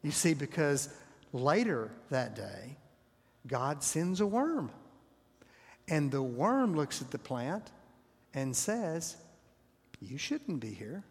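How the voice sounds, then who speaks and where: Male preacher, husky, slightly high voice, storytelling sermon that sinks to near whispers; long hall reverb. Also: big pitch swings, slow pace, pauses often.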